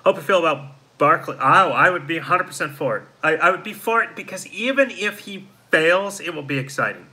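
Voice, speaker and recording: A man's voice: fairly high pitch, fairly quick, hardly any pauses, bright, forceful tone, low-quality recording. A man hosting a live show in casual chat, reading out viewer comments and answering them in a tired, let-down way. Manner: frustrated, deflated fan talk. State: tired, yawning. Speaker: host of a live fan show.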